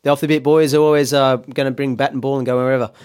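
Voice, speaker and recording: A man's voice: medium pitch, little pitch movement, rapid-fire, a little mellow, clear, resonant tone. An Australian man hosting a podcast in casual chat, rambling, laughing often and swearing freely. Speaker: podcast host.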